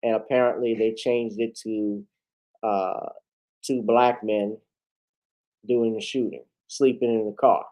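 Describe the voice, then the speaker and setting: A man's voice: fairly low pitch, little pitch movement, slow, pauses often, dark tone, muffled recording. A man hosting a casual news commentary show, talking in a loose, rambling way with frequent fillers. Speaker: host.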